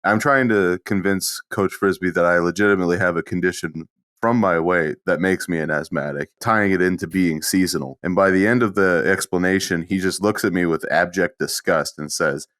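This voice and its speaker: A man with a very low voice co-hosts a casual podcast. He tells crude, deadpan anecdotes, recorded dry and close. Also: brisk, dry recording. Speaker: podcast co-host. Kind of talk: casual chat.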